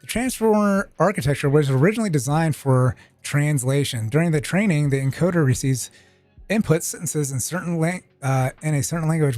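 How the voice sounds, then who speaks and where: A man on a live stream reads a technical tutorial aloud, now and then stopping to swear or make a wry side remark. His voice sits a little high for a man. The sound is dry and close, with faint music playing underneath. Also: a little mellow, no echo. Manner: reads text aloud with casual asides and swearing.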